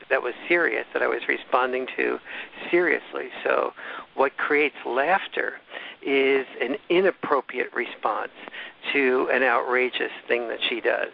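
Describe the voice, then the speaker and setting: A man's voice: medium pitch, vocal fry. A man as an interview guest, explaining things at length in a discursive, casual way with frequent restarts. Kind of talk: casual storytelling in conversation. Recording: dull, slightly lo-fi recording.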